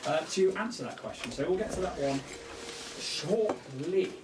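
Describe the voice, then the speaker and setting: Lively game master man, echoey room. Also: fairly high pitch, moderate pace, far from the mic, noisy background. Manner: lively, jokey, chatty. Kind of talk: narrating a tabletop game.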